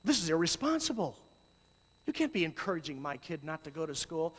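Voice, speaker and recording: A high-pitched man preaches to youth workers with animated swings between loud cries and quiet asides. His voice rings out on a stage microphone with a long hall reverb behind it. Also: fairly quick, husky. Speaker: youth ministry speaker. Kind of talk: sermon.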